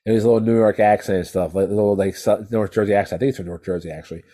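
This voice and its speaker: A man co-hosting a wrestling podcast, chatting casually in an animated, rambling way with frequent swearing. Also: fairly low pitch, rapid-fire. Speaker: podcast co-host. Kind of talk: casual chat.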